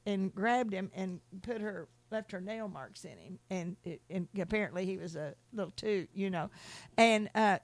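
Gravelly middle-aged woman preaching. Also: no echo. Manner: rambling, repeats words and restarts, laughs between stories; rises high and loud when preaching about God. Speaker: speaker giving a testimony talk. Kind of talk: sermon-style storytelling.

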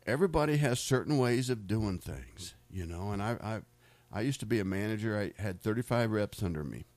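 Low-voiced rambling American man. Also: animated, a little fast, a little mellow, dry recording. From United States. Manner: rambling, repeats words and restarts, laughs often. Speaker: speaker sharing faith stories. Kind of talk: casual storytelling testimony.

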